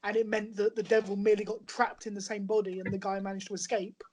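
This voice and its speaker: A woman's voice: medium pitch, level tone, quick pace, darkish tone, a little hiss or hum, poor audio. A woman co-hosting a podcast, chattily explaining a plot and laughing between lines. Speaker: podcast co-host. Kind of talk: casual chat.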